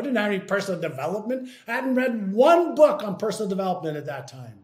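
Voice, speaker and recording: Animated man telling a story, roomy sound. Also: high voice, fairly quick. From Canada. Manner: animated retelling, acting out both sides of the dialogue. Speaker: interview guest. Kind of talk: storytelling in an interview.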